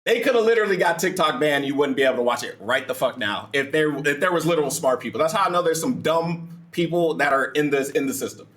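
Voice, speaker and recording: Excitable man with a roomy echo. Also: fairly high pitch, quick pace, hardly any pauses. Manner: excitable, profane, laughing banter. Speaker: reaction video host. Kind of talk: casual reaction commentary.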